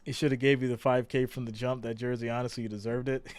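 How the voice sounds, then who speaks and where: A man's voice: mid-range voice, flat delivery, fast talker, a little mellow, clear, resonant tone, dry recording. A man in his thirties hosting a casual football reaction livestream, chatty and laid-back, repeating lines for emphasis. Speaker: livestream host.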